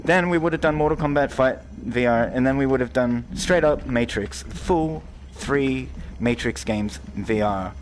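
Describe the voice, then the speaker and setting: A young man giving live gameplay commentary to his chat, rambling, swearing freely and jumping into loud outbursts. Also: mid-range voice, moderate pace, hardly any pauses, a little hiss or hum. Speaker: streamer.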